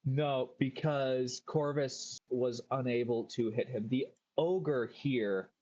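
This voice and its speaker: A man's voice: medium pitch, slow pace, dark tone, lo-fi sound. A man running a tabletop game as game master, checking rolls and describing the scene.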